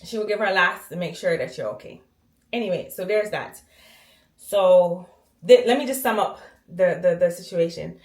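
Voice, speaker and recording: A woman's voice: lowish voice, normal speed, a little mellow. A woman telling a personal story casually to her viewers while cleaning her bathroom, emphatic and often checking in with "okay?". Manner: emphatic, talks straight to viewers with frequent "okay?". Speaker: vlogger. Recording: echoey bathroom.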